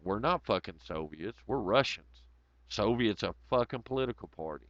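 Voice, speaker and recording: A man's voice: fairly low pitch, lively intonation, moderate pace, fairly bright tone, dry recording. A man hosting a casual livestream, reading chat comments aloud and rambling in a profane, sarcastic way. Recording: dull lo-fi audio.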